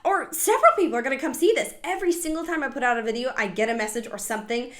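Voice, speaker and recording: A woman giving excited, emphatic reaction commentary, swearing freely. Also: high voice, very fast. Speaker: anti-MLM commentator.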